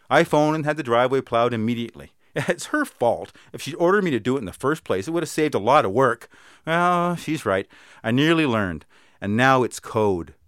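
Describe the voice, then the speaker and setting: A man's voice: medium pitch, clear, resonant tone, no echo, clean studio sound. A man telling a humorous story and acting in comic sketches, wry and self-mocking. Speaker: comedy performer.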